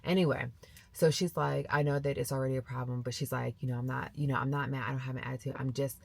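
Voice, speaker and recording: Middle-aged woman vlogger, slight vocal fry, casual animated storyteller who mimics the people she quotes. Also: extremely low pitch, fast. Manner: animated, acts out quoted voices.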